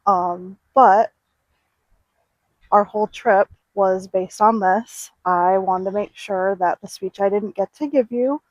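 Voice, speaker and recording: A young woman in her twenties delivers a wedding toast for her younger brother, sentimental and warm in her wording, with small laughs slipping in. Her voice sits in a middle pitch and comes across close and dry on a quality microphone. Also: no room sound, dull audio. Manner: sentimental, with soft laughs between lines. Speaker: groom's older sister giving a wedding toast. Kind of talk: heartfelt wedding toast speech. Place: at a wedding venue. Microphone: high-quality microphone.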